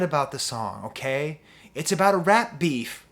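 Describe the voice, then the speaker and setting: A man's voice: mid-range voice, very animated, moderate pace, fairly bright tone. A man reviewing an album on his channel, ranting with sarcastic rhetorical questions and growing impassioned. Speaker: music reviewer.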